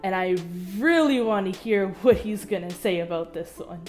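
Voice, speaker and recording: A woman's voice: medium pitch, expressive, moderate pace, a little mellow. Young woman, reaction host, bubbly, enthusiastic, faint music behind. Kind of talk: casual reaction commentary.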